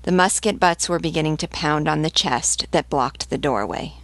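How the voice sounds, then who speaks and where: A woman, a literature teacher, reading a novel aloud in a measured, steady way. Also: deep voice, dry recording.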